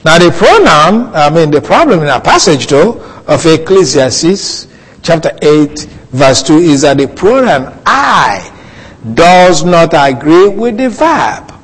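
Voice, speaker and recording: A man preaching a Bible teaching sermon, slow and deliberate, lingering on key words. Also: fairly high pitch, big pitch swings, breathy edge. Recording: long reverb of a hall.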